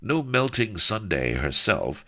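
A man's voice: fairly low pitch, sing-song, slow pace, pushed and bright. A man narrating a comic audiobook with wry, theatrical asides to the listener.

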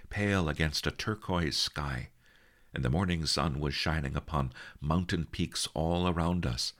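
Very deep, gravelly male storyteller. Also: fairly bright tone. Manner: measured storytelling delivery. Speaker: audiobook narrator. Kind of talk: scripted narration.

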